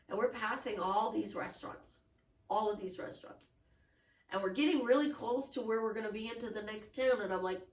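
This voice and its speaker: A woman's voice: medium pitch, a little fast, echoey room, distant mic, rough recording. A woman life coach talking casually, telling stories and acting out the quoted dialogue. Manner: animated storytelling, acts out quoted dialogue.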